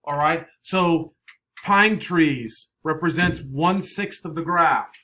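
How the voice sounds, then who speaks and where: A man teaching a math class, brisk and coaxing, often checking in with the students. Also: fairly high pitch, pushed and bright. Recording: echoey classroom, faint noise.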